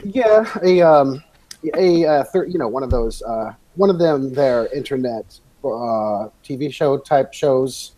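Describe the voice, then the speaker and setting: A man's voice: mid-range voice, expressive, slow, warm tone, low-quality recording. A man co-hosting a podcast, chatting casually in a rambling, meandering way. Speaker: podcast co-host. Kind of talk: casual chat.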